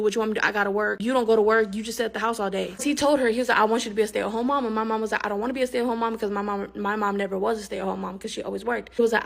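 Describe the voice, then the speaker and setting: Candid woman with a gravelly voice. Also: mid-range voice. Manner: candid, emphatic, drops to hushed tones. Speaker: storyteller. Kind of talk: storytime monologue.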